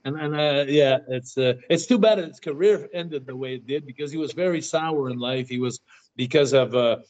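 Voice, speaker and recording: An older man, a guest in an interview, telling animated anecdotes in casual talk, often stammering and repeating his words. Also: mid-range voice, moderate pace. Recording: dull lo-fi sound.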